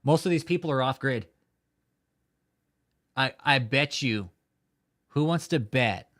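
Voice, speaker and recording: A man's voice: medium pitch, expressive, slow, fairly bright tone. A man hosting a live stream, talking in a heated, profane rant and often swearing. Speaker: livestream host. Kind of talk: angry live-stream commentary.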